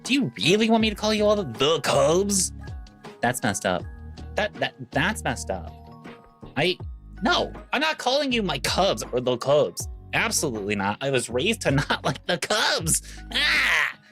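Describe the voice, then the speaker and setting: Animated, rambling young streamer woman. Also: sits low, moderate pace, soft background music. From Missouri, US. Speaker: VTuber streamer. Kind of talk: casual meme-reaction commentary.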